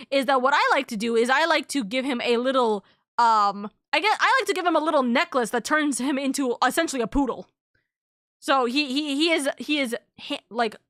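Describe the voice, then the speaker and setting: A woman's voice: high voice, fairly bright tone, no room sound, studio quality. A young adult woman streaming a game, chatting casually in a bubbly, rambling way and correcting herself often. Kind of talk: casual live-stream chat.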